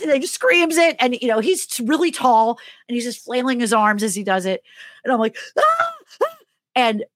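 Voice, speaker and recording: A woman's voice: mid-range voice, no echo, clean studio sound. A middle-aged woman co-hosting a podcast, telling a funny story in a casual way and acting out the voices in it. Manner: animated, acts out the voices in her stories. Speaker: podcast co-host.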